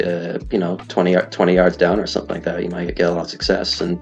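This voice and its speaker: Deep-voiced chatty man. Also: completely flat delivery, quick pace, creaky. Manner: chatty, rambling, self-deprecating. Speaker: guest, league player. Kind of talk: casual online interview. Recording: dull lo-fi audio, faint music.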